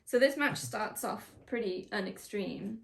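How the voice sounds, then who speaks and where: A woman's voice: mid-range voice, measured pace, vocal fry. Giggly woman chatting casually. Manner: giggly, laughs often. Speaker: podcast co-host. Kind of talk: casual chat reacting to wrestling.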